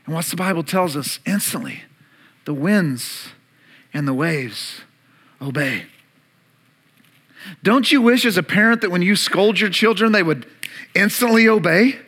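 High, bright-voiced animated man preaching. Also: unhurried, pauses often, husky. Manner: animated preaching, acts out disciples' panic and Jesus' calm. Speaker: pastor. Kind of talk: sermon. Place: church room.

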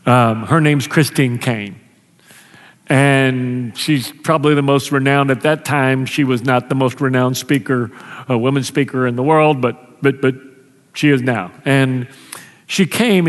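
A man's voice: mid-range voice, big-room sound. A male pastor, preaching a sermon in a conversational way, often restarting his sentences. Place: church sanctuary.

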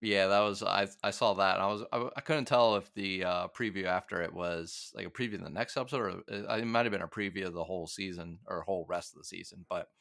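A young man with a fairly low, smooth and resonant voice, chatting loosely about a TV episode. He rambles and laughs often, with plenty of fillers. The sound is close and dry. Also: fast talker, few pauses, a bit bright, no echo. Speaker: podcast co-host. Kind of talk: casual TV recap chat.

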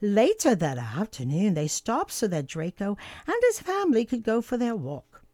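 An older woman from Canada reading a children's story aloud in an expressive, animated way. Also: medium pitch, moderate pace, dry recording.

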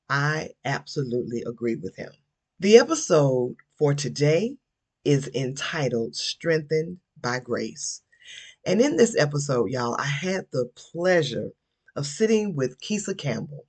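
A woman's voice: low voice, big pitch swings, a little mellow. A woman from Georgia hosting a podcast, talking to listeners in an emphatic, casual way and calling them "y'all". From Georgia, USA. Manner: calls listeners "y'all", drawn-out emphatic delivery. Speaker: podcast host.

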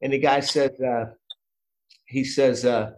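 A man's voice: medium pitch, fairly even intonation, slow, darkish tone, poor audio. Rambling middle-aged male podcast host. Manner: rambling storyteller with many restarts. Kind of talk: casual podcast conversation.

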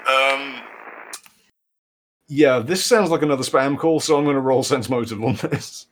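A man's voice: medium pitch, unhurried. A man playing a tabletop role-playing game, talking casually and hesitantly. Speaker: player. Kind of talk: tabletop role-play chat.

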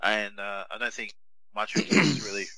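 A man's voice: on the low side, moderate pace, pushed and bright, rough recording. A man, co-hosting a casual wrestling watch-along podcast and slipping into jokey impressions. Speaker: podcast co-host.

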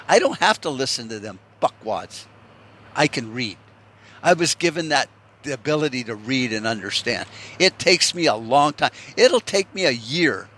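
A man's voice: medium pitch, sharp tone. A man from the United States in a profane, rambling political rant, swearing often and restarting his sentences.

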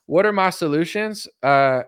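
A man's voice: fairly high pitch, animated, measured pace, smooth, dry recording, studio quality. A young adult man giving a rambling, blunt, unscripted political rant, repeating himself and swearing for emphasis. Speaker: political commentator.

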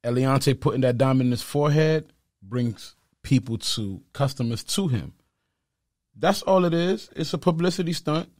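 A man's voice: mid-range voice, moderate pace, darkish tone, no echo, studio quality. A man co-hosting a casual gossip chat, laid-back and joking, with sarcastic asides. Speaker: co-host of celebrity gossip show.

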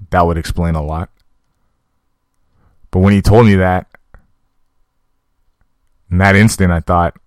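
A man's voice: sits low, no room sound. A man, a fight coach, telling a story in a casual, profane, conversational monologue aimed at his listeners. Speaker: podcast host and fight coach.

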